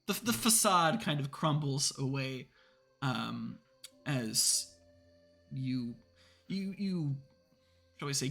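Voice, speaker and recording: A man's voice: medium pitch, gravelly, a bit bright. A man narrating a tabletop horror game as game master, meandering with many hedges and fillers.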